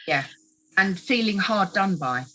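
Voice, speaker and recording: A middle-aged woman, talking casually as a health coach in an interview, animated and putting on little voices as she quotes. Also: mid-range voice, unhurried, rough recording.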